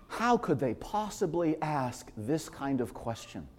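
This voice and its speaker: A pastor with a slightly high, very animated voice preaches a sermon at a somewhat slow pace in a church sanctuary. He's impassioned, hammering his points home with repeated phrases, and the recording carries long hall reverb.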